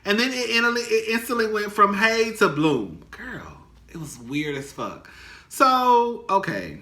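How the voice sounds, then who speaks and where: A young man vlogs casual gossip in an echoey room, dramatic, chatty, and profane, calling his viewers "girl." His voice is very animated, pushed, and bright at a measured pace, swinging between high and low.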